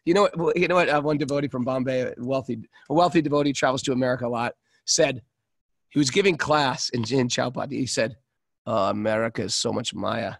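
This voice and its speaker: A man co-hosting a casual spiritual podcast chat, telling lively stories and acting out the voices of the people in them. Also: medium pitch, fast, dry recording, clean studio sound. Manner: animated storyteller, acts out voices. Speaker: podcast co-host.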